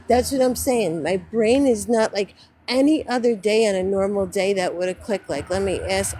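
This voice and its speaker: A woman's voice: a little high, background noise. A woman livestreaming casual chat from outdoors near a road, rambling and correcting herself, close to tears with frustration.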